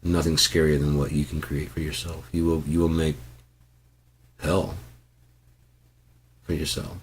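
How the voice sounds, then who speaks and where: A man from Michigan telling rambling, profane stories in a casual, animated way. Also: very deep voice, measured pace, a little hiss or hum. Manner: profane, animated, bursts into loud yells. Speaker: channel host.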